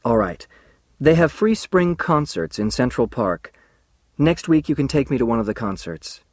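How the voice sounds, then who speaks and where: A man reading as a gentle, cautious young woman teacher. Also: mid-range voice, very animated, normal speed, no echo, studio quality. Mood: gently cautious. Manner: soft, pleading, patient.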